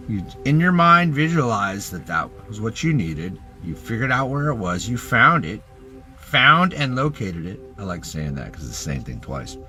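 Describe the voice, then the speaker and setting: Swearing, lively-voiced young man ranting. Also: medium pitch. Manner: rambling and swearing, jumping between hype and mumbling. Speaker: TikTok ranter. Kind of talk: profane self-help rant.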